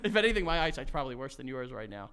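A man's voice: mid-range voice, sing-song, very fast, fairly bright tone, smooth. A man from Colombia co-hosting a podcast, chatting casually, laughing often and swearing freely. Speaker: podcast co-host. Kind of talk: casual banter.

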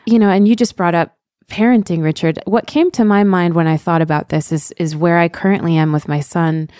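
A woman's voice: fairly low pitch, fairly even intonation, fairly quick, a little mellow, dry recording, clean studio sound. A woman in her thirties, a podcast co-host, speaking candidly and earnestly about parenting. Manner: earnest, candid, with fillers like "you know". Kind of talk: reflective podcast conversation.

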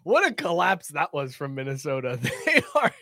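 A man's voice: fairly high pitch, huge pitch swings, moderate pace, pushed and bright, no echo, studio quality. A man hosting a casual sports podcast, laughing often and reading out listener comments. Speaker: podcast host.

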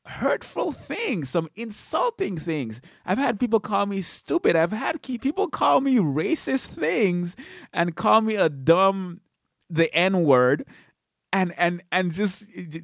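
A man's voice: a little high, dry recording, studio quality. A man hosting a blogging podcast, giving solo advice in an emphatic way, leaning on key words.

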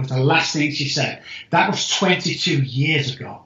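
A man talking as a guest addiction specialist, his voice bright and forceful and pitched a little high. He speaks emphatically, with sudden lifts in pitch and loudness. The sound is roomy and a bit dull, like a lo-fi recording in an echoey room. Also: expressive, moderate pace. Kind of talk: animated storytelling in conversation.

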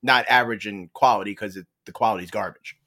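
A man's voice: lowish voice, fast talker, sharp tone. A man in casual chat, bluntly mocking an aging wrestler. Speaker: wrestling podcast co-host.

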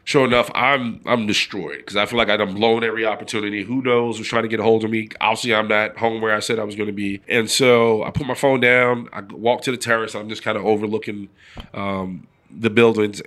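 A middle-aged man with a fairly low voice tells a long story in a relaxed interview. He acts out the people in it, pushing his voice up into their lines. He talks the easy, unscripted way of a former pro athlete being interviewed. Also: a little fast. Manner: animated storyteller acting out quoted voices. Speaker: former pro football player, guest.

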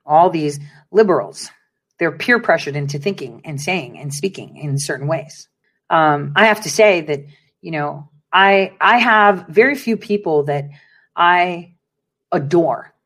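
A woman's voice: low-pitched, expressive, measured pace, a bit bright. Emphatic, preachy woman commentator. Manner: emphatic and preachy, repeats phrases. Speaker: online commentary host. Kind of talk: casual political commentary.

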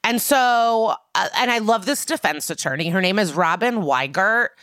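A woman's voice: medium pitch, expressive, normal speed, a bit bright, no room sound, clean studio sound. A woman co-hosting a podcast, chatting casually as she retells a TV episode and acts out the characters' lines. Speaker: podcast co-host. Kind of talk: casual chat recapping a TV episode.

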